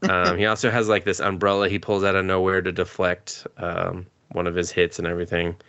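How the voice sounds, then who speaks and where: A man's voice: low-pitched, little pitch movement, brisk, fairly bright tone, dry recording, lo-fi sound. A man hosting a podcast, recapping anime in a rambling, profane, casual way while sick with a cough, chuckling often. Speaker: podcast host.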